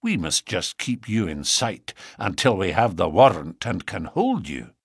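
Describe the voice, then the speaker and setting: A man voicing a stern police inspector who speaks quietly and slowly. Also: sits low, sing-song, gravelly, husky, dry recording, studio quality, voice pushed down, heavily acted. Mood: quiet firm. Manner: quiet, measured, unhurried.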